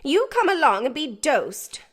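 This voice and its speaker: High, snappish, bossy sister, as a woman narrator puts her on for an audiobook. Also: big pitch swings, measured pace. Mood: scolding. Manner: sharp, scolding. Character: sharp-tongued bossy older sister, shrill.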